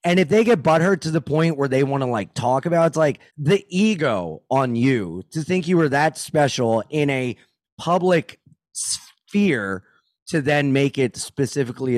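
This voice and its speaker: A man, a comedian guest, in casual podcast chat, animated and profane, acting out quotes in loud voices. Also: medium pitch, normal speed, dry recording, studio quality.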